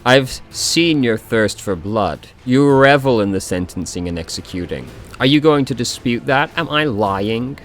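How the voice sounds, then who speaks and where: A man's voice: medium pitch, expressive, a little slow, hardly any pauses, soft background music, voice pushed up, close to an everyday voice. A man reading the lines of a stern female companion who formally accuses someone of heresy. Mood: accusing.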